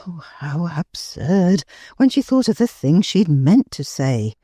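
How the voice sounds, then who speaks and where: Low, slow woman narrating a classic novel. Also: slightly rough, no room sound, studio quality. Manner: expressive, unhurried. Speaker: audiobook narrator. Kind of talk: scripted literary narration.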